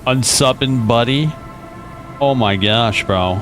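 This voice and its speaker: A man's voice: medium pitch, takes it slowly, music in the background. A male streamer chatting casually and joking while playing and reading game dialogue aloud. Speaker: gaming streamer. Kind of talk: casual let's play commentary.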